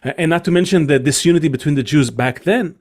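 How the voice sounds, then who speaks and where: A man's voice: fairly high pitch, quick pace, darkish tone. A man hosting a talk podcast who reasons aloud in a casual, rambling way. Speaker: podcast host.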